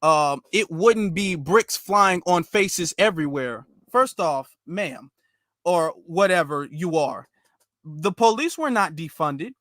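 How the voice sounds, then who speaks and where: A man's voice: very high-pitched, sharp tone, dry recording, studio quality. A man hosting a commentary video, reacting to clips with emphatic rhetorical questions and a rambling delivery full of fillers. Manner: rambling, with many fillers and restarts. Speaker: commentary host.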